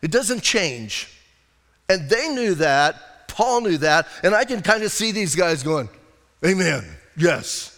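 A middle-aged male pastor preaches in a loose, conversational way, acting out the story as he goes. His voice sits a little high for a man. The church around him adds a long, ringing reverb. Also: expressive, a little slow, a bit bright. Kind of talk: expository sermon.

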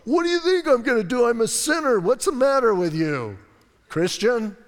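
A preacher playing a scoffing sinner talking back. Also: male voice, very high voice, sing-song, moderate pace, voice pushed up. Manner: loud, incredulous and scoffing. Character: mocking sinner, an adult man talking back. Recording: long hall reverb.

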